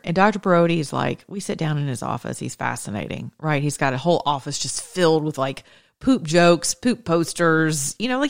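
A woman telling her viewers a personal story in a casual monologue, animated and blunt, with sudden leaps in pitch and loudness. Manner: blunt and opinionated, swears and then apologizes. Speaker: mother sharing a personal story.

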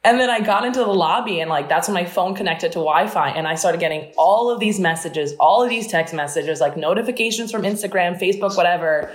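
A young woman from New Jersey, an Olympic fencer, telling stories fast and animatedly in a casual interview, full of "like" and laughs. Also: fairly low pitch. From New Jersey, USA. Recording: roomy echo.

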